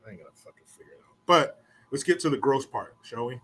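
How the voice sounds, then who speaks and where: A man's voice: medium pitch, lively intonation, fairly bright tone, breathy edge. A man hosting a podcast, telling a rambling story in a casual, profane way and swearing freely. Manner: rambling, swears often, puts on quick mocking voices. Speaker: podcast host.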